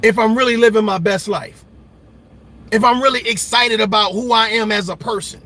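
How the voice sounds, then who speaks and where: A man rants on a livestream, preachy and repeating phrases for emphasis. His voice sits high and bright with a husky edge. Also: moderate pace. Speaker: commentary host. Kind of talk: livestream commentary rant.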